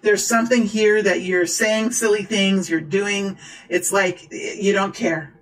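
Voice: medium pitch, measured pace, low-quality recording. A tarot reader talking to viewers during a card reading, gushing and exclaiming. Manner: excitable, exclaims and gushes.

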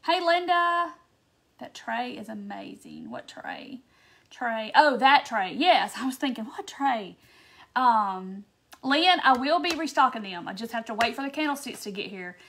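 Hosting a live crafting stream, a woman from Mississippi chats in a bubbly, casual way and welcomes viewers by name in her Southern accent. Her voice sits high, sounds expressive and fairly bright, and moves at a normal speed.

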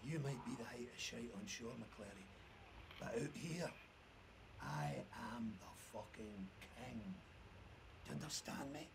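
An actor playing a foul-mouthed, bullying oil rig boss with a Scottish accent, barking threats and swearing. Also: male voice, very high voice, moderate pace, noisy background. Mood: menacing whisper. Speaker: game character.

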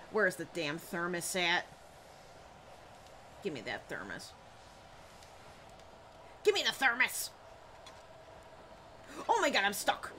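A woman's voice: lowish voice, huge pitch swings, slow pace, long pauses, sharp tone. A woman streamer commenting live on a horror game, flustered, exclaiming and swearing often. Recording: live stream audio with background noise.

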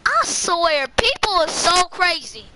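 A woman's voice: very high voice, sing-song, takes it slowly. A woman live streaming, chatting casually with viewers in a silly, giggly, rambling way. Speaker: livestreamer. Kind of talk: casual livestream chat reacting to viewers. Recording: noisy with mouse clicks.

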